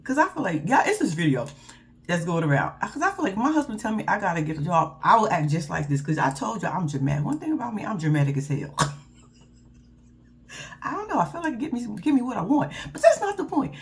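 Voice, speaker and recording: A woman, giving a casual, loud and profane recap of a reality show and laughing often. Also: mid-range voice, very animated, fast talker.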